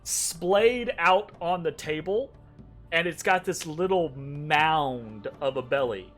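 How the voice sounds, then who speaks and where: A man narrating a tabletop game as game master, halting and full of fillers. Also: fairly high pitch, a bit bright, faint music behind. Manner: halting, many fillers and restarts.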